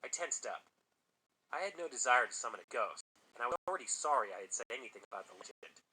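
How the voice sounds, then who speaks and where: A man narrating a first-person scary story in a dramatic, expressive reading. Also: medium pitch, fast talker, slightly rough, rough recording.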